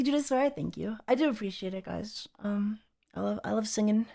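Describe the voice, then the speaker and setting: A woman's voice: on the high side, expressive, normal speed, vocal fry, a little mellow. Playful young woman streamer, teasing. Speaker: VTuber streamer. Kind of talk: casual livestream chat, reading chat aloud.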